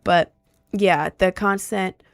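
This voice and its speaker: A woman's voice: mid-range voice, fairly even intonation, slow pace, creaky, dry recording, clean studio sound. A young woman from Maryland chatting casually to camera in a rambling way, full of "like". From Maryland, USA. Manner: rambling, heavy filler "like".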